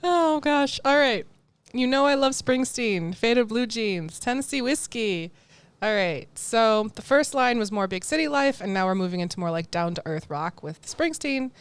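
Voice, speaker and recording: A woman's voice: a little high, animated, normal speed, clean tone, no echo. Giggly chatty American woman, dry sound. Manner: giggly, chatty, laughs often. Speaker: podcast co-host. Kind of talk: casual chat.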